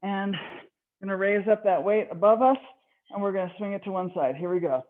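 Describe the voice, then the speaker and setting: A woman's voice: mid-range voice, fairly quick. A woman fitness instructor leading a live online workout class, slightly out of breath, encouraging and counting reps. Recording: tinny phone-like online call audio.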